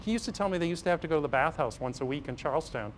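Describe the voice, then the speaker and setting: Storytelling man, slightly high voice. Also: lively intonation, rapid-fire, a little hiss or hum. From Massachusetts, USA. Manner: storytelling, acts out dialogues with humor. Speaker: priest and physician giving a parish talk. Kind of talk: anecdotal public talk. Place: parish hall.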